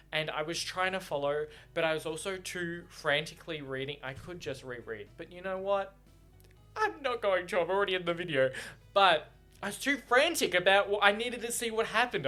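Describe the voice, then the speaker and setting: Excitable man with a bright voice. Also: on the high side. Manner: excitable, swears freely, laughs often. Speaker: book reaction vlogger. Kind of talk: casual chat.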